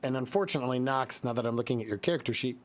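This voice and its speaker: A man's voice: medium pitch, racing. A man with a Midwestern accent, running a tabletop game as game master and explaining the rules in a casual, rambling way. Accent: Midwestern American.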